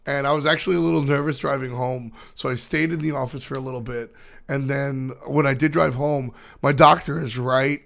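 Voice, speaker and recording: Hoarse young man, gravelly voice. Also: mid-range voice, a bit bright. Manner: rambling, filler-heavy storytelling. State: hoarse, recovering voice. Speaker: esports caster streaming to chat. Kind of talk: casual chat with live chat.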